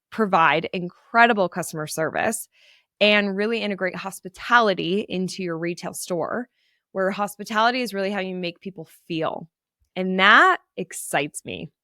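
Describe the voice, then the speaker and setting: A woman's voice: mid-range voice, a bit bright, no echo, clean studio sound. A woman hosting her own podcast, giving a chatty, enthusiastic solo update that gets emotional at times. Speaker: podcast host.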